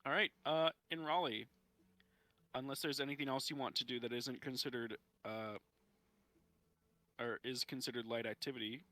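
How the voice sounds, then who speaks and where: A man running a tabletop game as game master, relaxed and unhurried, laughing often. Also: mid-range voice, no echo.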